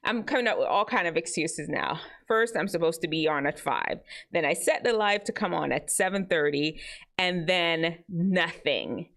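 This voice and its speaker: A woman hosting a teen advice show, chatting to young viewers in a casual, animated way. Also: normal speed, gravelly. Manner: animated, chatty, jumps between high and low tones. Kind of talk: casual advice talk to teens.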